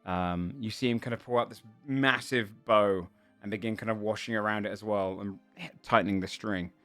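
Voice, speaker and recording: Low-voiced man narrating as game master. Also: fairly even intonation, fairly bright tone, no room sound, soft background music. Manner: descriptive, halting, many fillers.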